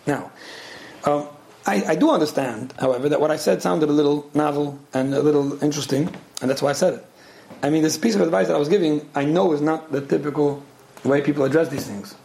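A man's voice: on the high side, a little fast, vocal fry, dark tone. A man giving relationship advice and answering listener letters in an earnest, direct way, often repeating phrases for emphasis. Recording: roomy echo with faint ambience.

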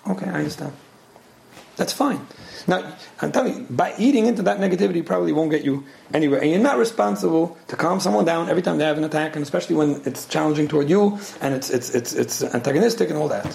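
An earnest man answers listener questions about relationships, speaking fast and often repeating a phrase to drive it home. His voice sits a little high and has a gravelly edge. The recording has a roomy echo and a faint hum of ambience behind it. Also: a little mellow. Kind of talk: relationship advice talk.

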